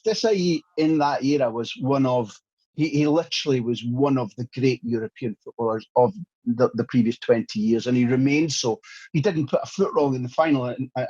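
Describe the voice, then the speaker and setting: Husky man hosting an interview. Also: medium pitch, darkish tone, dry recording. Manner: long, thoughtful questions with his own anecdotes. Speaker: podcast host, interviewer. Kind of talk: interview questions. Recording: dull, dry lo-fi sound.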